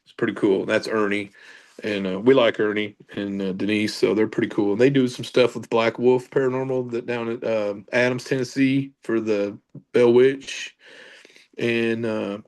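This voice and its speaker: A man's voice: lowish voice, little pitch movement, moderate pace, a little mellow. A man, a podcast guest telling paranormal stories in a loose, rambling way. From Kentucky. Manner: rambling, with fillers and self-corrections. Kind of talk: casual storytelling.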